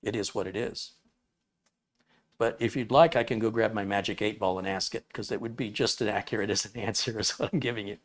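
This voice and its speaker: A man's voice: lowish voice, fairly even intonation, brisk. Chatty man hosting a tech livestream. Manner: folksy, chatty, chuckles mid-sentence. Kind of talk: live Q&A with viewers.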